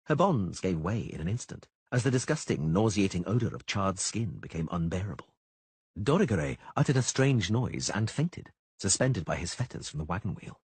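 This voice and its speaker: A man's voice: low voice, sing-song, moderate pace, darkish tone, husky, dry recording. A man narrating a fantasy audiobook with a dramatic delivery on a close studio mic.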